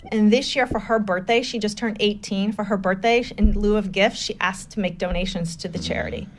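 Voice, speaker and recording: A woman, a nonprofit founder being interviewed, tells stories in a lively way and acts out the voices of people she quotes. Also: medium pitch, brisk, a little hiss or hum. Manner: animated, acts out quoted voices, laughs often. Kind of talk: casual interview storytelling.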